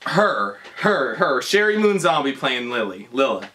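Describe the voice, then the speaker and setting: A man's voice: medium pitch, very animated, measured pace, bright, forceful tone. A drunk young man in a comedy sketch, rambling through a movie plot with stumbles, restarts and giggles. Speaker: comedy performer.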